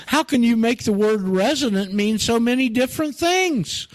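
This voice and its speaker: A man reading Alice's lines aloud, giving the dreamy young girl a higher, wondering voice. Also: expressive, normal speed, no room sound.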